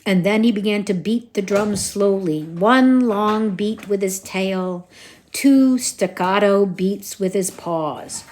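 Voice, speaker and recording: A woman reading a children's storybook aloud to her kids in an expressive way. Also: mid-range voice, takes it slowly, slight background noise.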